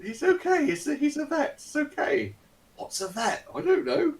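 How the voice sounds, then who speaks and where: A man voicing confused, horrified passers-by in a squeaky, bewildered voice. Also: big pitch swings, moderate pace, vocal fry, far from the mic, full character voice.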